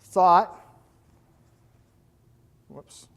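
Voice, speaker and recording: Lively man lecturing a class. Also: drawn-out words. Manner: lively, joking asides, quizzes the audience. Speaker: hypnotherapy instructor.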